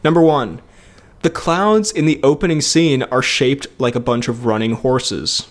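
A man's voice: medium pitch, a little slow. A young man co-hosting a casual podcast, joking and swearing as he chats. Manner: joking, swears, laughs often. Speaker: podcast co-host. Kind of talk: casual chat.

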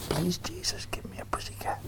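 A man's voice: a little high, lively intonation, normal speed, creaky, warm tone, a little hiss or hum. A man voicing a little girl who keeps begging her mother for a kitten, half whispered and eager. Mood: pleading.

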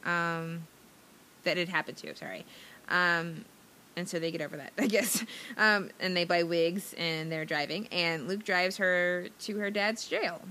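Woman co-host, casual movie recap, rambling and giggly, bright tone. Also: on the low side, steady tone, a little slow. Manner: rambling, chatty, giggly, many fillers. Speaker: podcast co-host.

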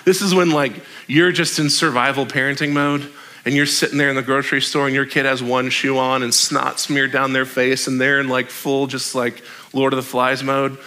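A young male pastor delivers a sermon in a bright, lively voice at an everyday middle pitch. He stays conversational and jokey, tossing in quick asides as he preaches.

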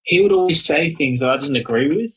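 A young man co-hosting a podcast, telling a story in casual chat, animated and swearing freely. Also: on the high side, a little fast, slightly rough, recorded from a distance, low-quality recording. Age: young adult. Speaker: podcast co-host.

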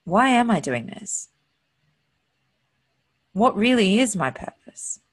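A woman's voice: mid-range voice, big pitch swings, slow pace, husky. A woman hosting her own show, giving an earnest, heartfelt and openly emotional motivational monologue. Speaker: host.

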